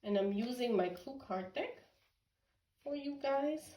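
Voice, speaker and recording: A woman's voice: fairly high pitch, expressive, measured pace, dark tone, a little hiss or hum, poor audio. A woman from Germany giving a casual tarot reading, chatty and giggly, talking straight to her viewers. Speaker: tarot reader.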